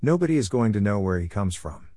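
A man's voice: fairly low pitch, sing-song, fast talker, warm tone, no echo, clean studio sound. A man reading questioning crowd voices. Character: doubting male townsfolk in a crowd.

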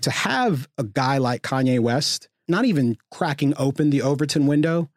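A man on a podcast panel who lays out long, earnest arguments, his pitch jumping up at the end of a point. His voice is at a middle pitch and recorded close and dry. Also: moderate pace, no room sound. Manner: earnest, expansive, animated rises. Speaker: podcast co-host. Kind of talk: casual panel discussion.

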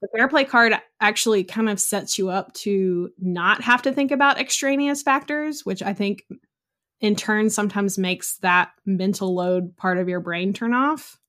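A woman's voice: mid-range voice, a little slow, fairly bright tone. A young woman on a podcast, chatting casually and telling stories with lots of "like" and "you know". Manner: chatty, storytelling, many likes and you knows. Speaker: podcast guest. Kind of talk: casual chat.

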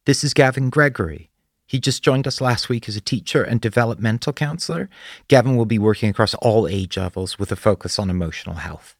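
A man's voice: fairly low pitch, fairly quick, no room sound, studio quality, pitched above the performer's own voice. A man voicing an earnest, caring female schoolteacher.

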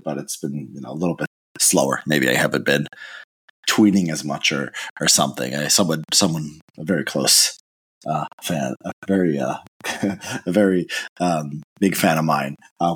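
A man's voice: very deep voice, husky, no echo. A man with a sick-sounding voice, talking in a casual, hesitant monologue as a commentator, with many restarts and fillers. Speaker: political commentator.

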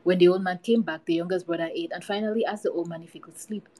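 Low, husky woman reading a folktale. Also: steady tone, fast, dark tone, low-quality recording. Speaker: podcast host.

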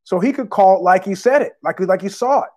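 A man's voice: high voice, fairly quick, darkish tone. A man hosting his own podcast, rambling through a profane, digressive monologue full of fillers, with a cough. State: has a cough. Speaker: podcast host.

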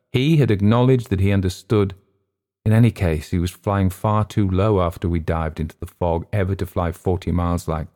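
Low-voiced man narrating a thriller. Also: warm tone. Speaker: audiobook narrator. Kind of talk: first-person audiobook narration.

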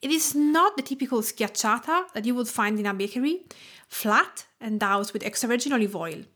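A woman's voice: fairly high pitch, expressive, normal speed, bright, forceful tone. A woman from Tuscany with an Italian accent, hosting a cooking podcast in a careful storytelling way. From Tuscany, Italy. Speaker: podcast host, home cook. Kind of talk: scripted podcast narration.

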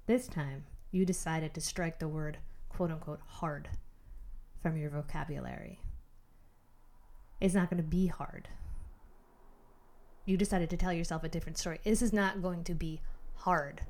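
A woman podcast host giving animated motivational talk, speaking straight to the listener in a coaching manner. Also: lowish voice.

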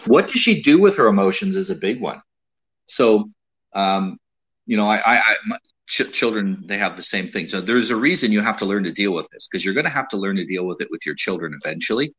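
A man hosting a casual advice talk, speaking in a measured way with frequent restarts and repeated words. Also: fairly low pitch, animated, a bit bright, husky, low-quality recording. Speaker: host giving dating advice.

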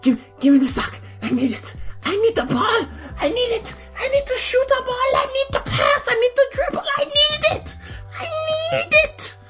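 A man's voice: very high-pitched, lively intonation, normal speed, pushed and bright, faint music behind, voice pushed up, full character voice. A man voicing a desperate addict begging for a soccer ball, whimpering and pleading. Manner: pleading, whimpering, rising to a wail.

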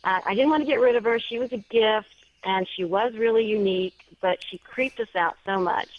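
A woman's voice: mid-range voice, fairly quick, no room sound. Woman author telling a story over dull audio. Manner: chatty, earnest storyteller. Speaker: guest author. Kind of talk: storytelling in an interview. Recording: dull dry lo-fi sound.

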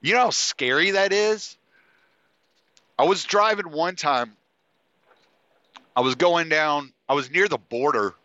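A man's voice: a little high, measured pace, long pauses, pushed and bright, no room sound, muffled recording. Rambling, profane man on a podcast. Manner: rambling, profane, with frequent fillers and restarts. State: congested, sniffly. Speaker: podcast host. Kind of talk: casual monologue.

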